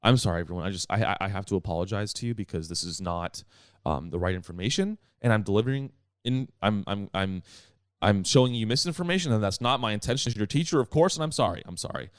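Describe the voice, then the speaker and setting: Man imitating a flustered male teacher, over-apologetic, sighing, stammering, low voice. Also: animated, fast, clean tone, dry recording, clean studio sound, lightly acted. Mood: fretful apology.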